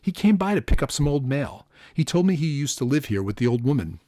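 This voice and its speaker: A man's voice: on the high side, sing-song, a little fast, dark tone, no echo, clean studio sound, pitched above the performer's own voice. A man voicing a nervous, cautious middle-aged Latino homeowner. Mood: wary. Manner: cautious, wary.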